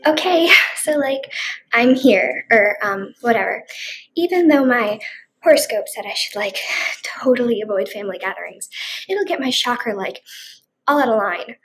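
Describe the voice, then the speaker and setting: Brief: woman as spacey horoscope-loving hippie girl, valley drawl, high pitch. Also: expressive, normal speed, a little hiss or hum. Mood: airy. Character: flaky hippie daughter, horoscope-obsessed. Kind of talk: school play over video call.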